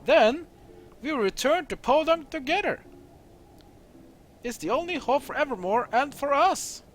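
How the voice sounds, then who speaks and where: Man doing a frantic old scientist, high voice, very lively pitch, fretful, game-dialogue reading. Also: a little slow, a little hiss or hum, exaggerated voice. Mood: worried. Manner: frantic, calculating aloud.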